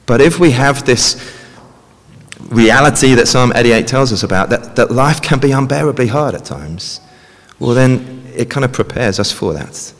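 This preacher has a medium-pitched, expressive voice and speaks at an ordinary pace. His sermon feels like a conversation, with points often ending in tag questions, and the recording carries the long reverb of a big hall.

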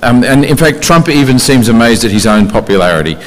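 Male preacher, conversational sermon delivery, rhetorical questions, mid pitch, hall reverb. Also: animated, fairly quick.

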